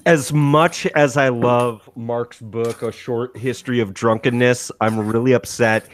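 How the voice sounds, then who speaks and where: A man's voice: medium pitch, fairly even intonation, unhurried. Plain-spoken man on a podcast panel. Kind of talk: casual panel chat.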